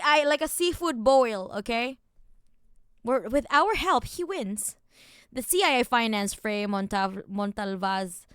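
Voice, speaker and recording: Reading documents out loud, this woman streamer flips between quiet muttering and loud, furious, profanity-laced outbursts aimed at them. Her tone is clean, and the studio-quality recording carries no room sound.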